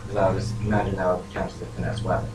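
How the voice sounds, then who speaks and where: A man playing a tabletop role-playing game, speaking quietly and offhand. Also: deep voice, completely flat delivery, very fast. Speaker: player. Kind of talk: casual tabletop game chat. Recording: distant, echoey, noisy mic.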